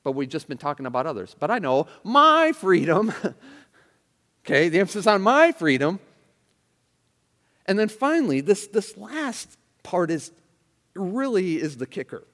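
Lively expressive male preacher in a hall. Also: fairly high pitch, moderate pace. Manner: expressive, acts out quoted attitudes, conversational asides. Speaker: pastor. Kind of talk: sermon.

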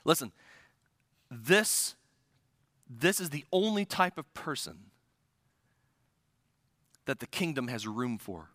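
A man's voice: mid-range voice, very animated, slow pace, pauses often, a bit bright, no echo. A man preaching a sermon as pastor to a congregation, earnest and emphatic, often restarting his phrases.

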